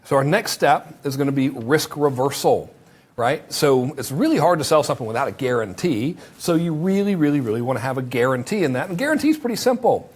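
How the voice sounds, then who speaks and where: A man teaching a marketing course, who acts out sample sales pitches in a lively way. His voice is strained from talking and he stops to drink water. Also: brisk, breathy edge. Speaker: marketing instructor.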